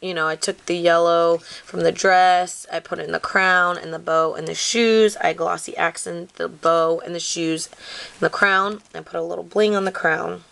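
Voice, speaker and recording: A woman's voice: fairly low pitch, fairly even intonation, moderate pace, creaky, a bit bright. A woman casually walking through her scrapbook craft project, rambling with lots of "like" and "um". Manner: rambling, many fillers like "like" and "um"; apologetic about filming mishaps. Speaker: craft video maker.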